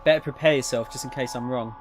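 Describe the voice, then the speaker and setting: A man's voice: medium pitch, fast, faint music behind. A man casually commenting while streaming a story game, jokey and chatty, asking viewers to pick. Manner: chatty, jokey, asks chat for input. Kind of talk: casual let's-play commentary.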